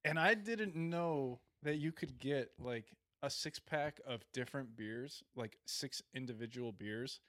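A man's voice: medium pitch, unhurried, few pauses, a bit bright, no room sound. A young man co-hosting a podcast, joking around in a brash, profane, teasing way. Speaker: podcast co-host. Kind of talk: casual joking chat.

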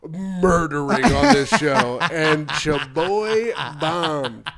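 A man's voice: fairly high pitch, expressive, extremely slow, a crowd in the background. A man hosting a podcast, telling a comedy anecdote in a casual, laughing way. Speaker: podcast host.

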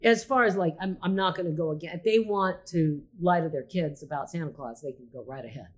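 A middle-aged woman, a podcast host and shaman, chatting casually and telling lively stories with lots of restarts. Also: fairly low pitch, brisk. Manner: animated storyteller, many restarts and quoted voices. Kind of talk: casual chat.

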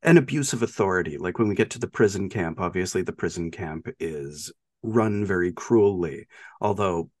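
A man with a low, slightly mellow voice co-hosts a podcast, speaking at normal speed in a dry, studio-quality recording. He retells a film's plot casually and animatedly, filling it with plenty of "like" and "uh" in a relaxed movie discussion.

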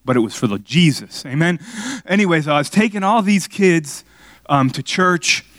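A man's voice: moderate pace, no room sound, clean studio sound. A man from Miami preaching a sermon, telling a personal story and talking back and forth with the congregation. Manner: storytelling, conversational with the crowd, rising to excited highs. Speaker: pastor.

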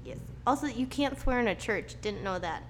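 A woman's voice: fairly high pitch, lively intonation, normal speed, slight background noise. A woman co-hosting a casual podcast, telling stories in a joking, self-mocking way and swearing casually. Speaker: podcast co-host.

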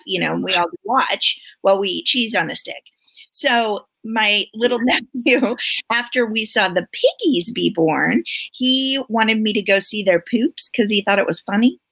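A woman's voice: medium pitch, normal speed, vocal fry, fairly bright tone, slightly rough, no echo. A woman co-hosting a casual podcast chat, telling stories eagerly and laughing often. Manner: giggly, enthusiastic storyteller. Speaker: podcast co-host.

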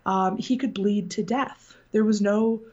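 A woman's voice: medium pitch, steady tone, unhurried, darkish tone, dull audio. A woman hosting a casual chat, telling a story in a rambling way and laughing often. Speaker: podcast host.

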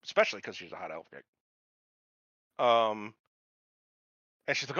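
A man's voice: fairly low pitch, moderate pace, pauses often, no echo, dull audio. A man co-hosting a podcast in casual chat, swearing and laughing as he rants. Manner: animated, profane, laughs while ranting. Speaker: podcast co-host.

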